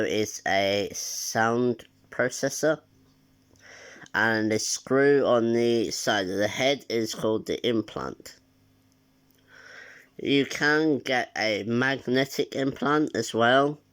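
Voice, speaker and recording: A young man with a nasal voice talking casually to camera in a personal vlog, hesitant and pausing often. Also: fairly low pitch, clean tone. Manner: hesitant, with frequent filler sounds and restarts. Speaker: vlogger.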